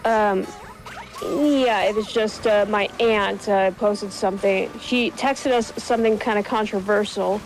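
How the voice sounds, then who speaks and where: A woman's voice: medium pitch, fairly even intonation, a little slow, soft background music, rough recording. A woman joining a gaming stream as a guest, chatting casually in a hesitant way with many fillers. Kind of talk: casual chat.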